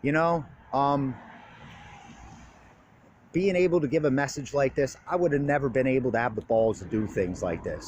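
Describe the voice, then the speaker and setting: A man's voice: medium pitch, darkish tone, slight background noise. A young man in recovery giving an earnest, plain-spoken personal monologue in blunt, casual street talk, open about his feelings. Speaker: recovery speaker.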